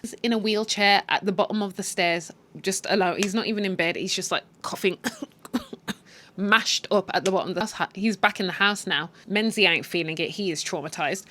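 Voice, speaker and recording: A woman recapping a TV series in a blunt, animated way, swearing freely. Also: medium pitch, brisk. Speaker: channel host recapping a TV series. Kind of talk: casual story recap.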